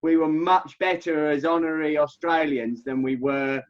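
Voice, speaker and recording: A man's voice: fairly high pitch, fairly even intonation, moderate pace. A man with a Cockney accent, a cycling coach guesting on a podcast over a remote call, talking in a cheeky, jokey way. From England. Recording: dull remote-call audio.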